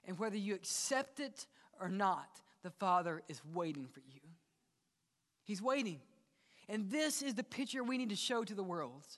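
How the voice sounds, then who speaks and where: Male pastor, high register, dramatic sermon delivery with whispered lows, long church reverb. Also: sing-song, moderate pace. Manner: dramatic, drops to hushed whispers and rises to emphatic peaks; addresses the congregation directly. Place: church sanctuary.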